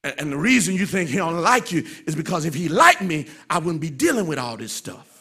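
A man preaching a sermon as pastor, swinging from soft, low passages to loud, shouted refrains. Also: sing-song, a little fast, breathy edge.

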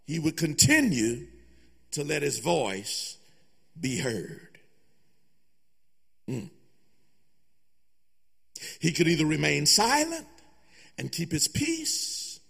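A man's voice: a little high, gravelly, fairly bright tone, slightly rough, big-room sound. A man pastor preaching a sermon, emphatic, repeating phrases and sometimes half-singing. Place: church sanctuary.

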